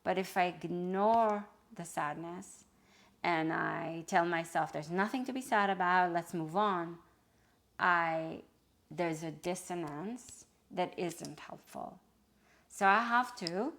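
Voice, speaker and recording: A woman hosting a reflective self-help video, talking gently and openly about her feelings, often pausing and restarting to search for words. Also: fairly low pitch. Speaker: wellness video host.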